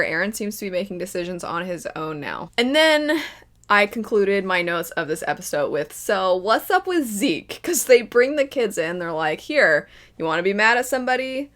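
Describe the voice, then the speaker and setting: A woman's voice: on the low side, big pitch swings, moderate pace. A woman giving casual reaction commentary as a first-time viewer, laughing often and mimicking characters in mock voices.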